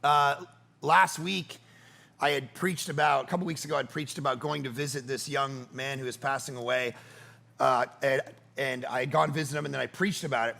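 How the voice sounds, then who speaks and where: A man in his thirties preaching a sermon, telling stories with animated, jokey delivery. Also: medium pitch, moderate pace, vocal fry. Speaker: pastor.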